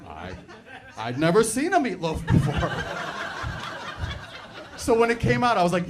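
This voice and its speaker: A middle-aged man doing a stand-up comedy set on a club stage, telling stories in a chatty, animated way full of "like" and "right". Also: high voice, moderate pace, long pauses. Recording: live club recording, background noise.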